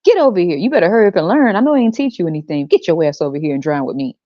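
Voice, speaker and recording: A woman mocking a bitter, broke parent who yells and swears at her child. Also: on the low side, expressive, racing, no room sound, muffled recording, lightly acted. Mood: bossy. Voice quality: mocking, profane, shouty.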